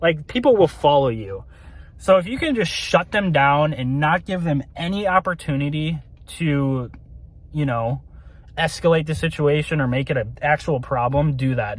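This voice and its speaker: A man talks straight to his viewers in a loose, chatty way, replaying a roadside confrontation and acting out both voices. His voice sits a little higher than most men's. He circles back over the same points with plenty of fillers. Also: moderate pace. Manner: animated, retelling with quoted dialogue, repeats himself. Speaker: street photographer vlogger. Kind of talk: casual storytelling to camera.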